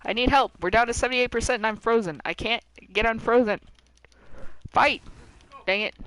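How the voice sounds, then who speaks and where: Smooth, playful game streamer. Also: medium pitch, moderate pace, a bit bright, rough recording. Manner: playful, dramatic, talks to the game characters. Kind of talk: playing a video game and commentating live.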